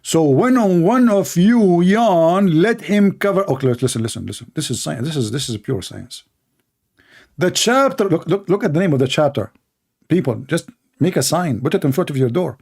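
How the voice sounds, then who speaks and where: A man's voice: on the high side, animated, normal speed, darkish tone. A man giving mocking, exasperated commentary, sarcastic and laughing. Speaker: religious debate commentator.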